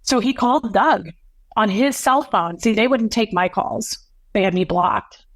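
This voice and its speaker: Woman in her 30s telling a rough personal story, lots of restarts, dry close mic. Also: medium pitch, no room sound. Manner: earnest, halting, full of restarts and quoted dialogue. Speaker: podcast guest.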